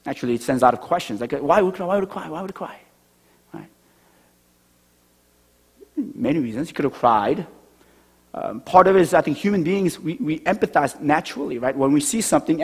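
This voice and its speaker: A man preaching a sermon as pastor, talking conversationally and dropping to a hush on key lines. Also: a little high, breathy edge. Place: church sanctuary. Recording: church hall reverb.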